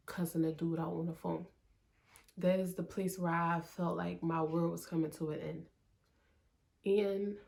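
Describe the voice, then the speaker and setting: A young woman with a fairly low, darkish voice vlogs candidly about her own life, talking conversationally with plenty of "like"s and "um"s. Faint music plays underneath.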